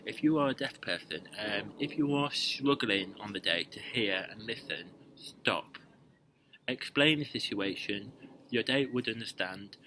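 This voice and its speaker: Young guy, lowish voice, chatty vlog advice, lots of ums, playful. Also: expressive, normal speed, background noise. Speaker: vlogger giving dating tips. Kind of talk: casual direct-to-camera advice.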